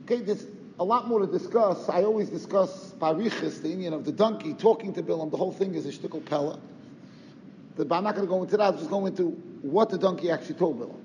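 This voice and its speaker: Speaking fast in a high, mellow voice, a Torah teacher lectures with a stream of rhetorical questions sprinkled with Yiddish and Hebrew terms. Faint noise, roomy reverb, and a dull lo-fi quality mark the recording.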